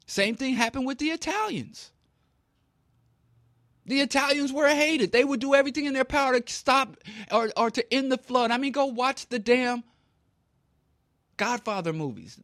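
A man's voice: very high-pitched, moderate pace, long pauses, fairly bright tone, no echo, studio quality. A man from Kansas City giving an impassioned talk, emphatic and preachy, with rhetorical questions. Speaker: speaker.

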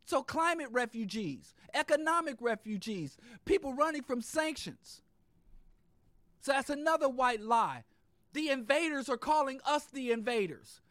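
A man delivering an impassioned political monologue, fiery and profane, hammering points in repetitive lists and dropping into low muttered asides. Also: expressive, a little slow, dry recording. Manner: swings between loud outbursts and low muttered asides. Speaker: podcast host.

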